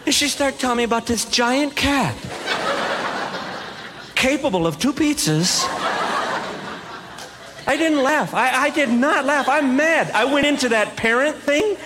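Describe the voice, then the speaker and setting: A man telling a stand-up story with a high, very lively voice that leaps from pitch to pitch. He slips into a stern, scolding parent tone for effect. The live venue behind him is noisy. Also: unhurried. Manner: animated, mock-stern parent voice. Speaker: stand-up comedian.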